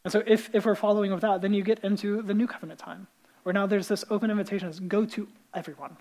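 A male pastor preaching with the loose energy of a storyteller. He talks casually, full of fillers and quick restarts, and moves easily into acting out the lines of the people in his story. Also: high voice, fairly even intonation, darkish tone, low-quality recording. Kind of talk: sermon.

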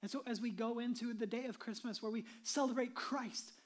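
Earnest woman preacher, high voice. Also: steady tone, fairly quick. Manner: earnest, swings between emphatic and hushed, drops to whispers. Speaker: pastor. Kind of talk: sermon.

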